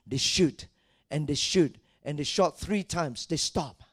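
A male pastor preaching a dramatic sermon, swinging from quiet asides to loud shouts and acting out the people in his stories. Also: fairly high pitch, takes it slowly, breathy edge, no room sound, studio quality. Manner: acts out the people in his stories in different voices.

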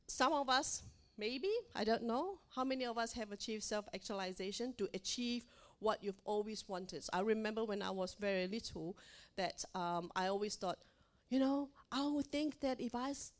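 Middle-aged woman from Asia, parenting speaker, animated, slips into voices for anecdotes. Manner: animated, acts out quoted dialogue in a higher voice. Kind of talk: motivational talk to mothers.

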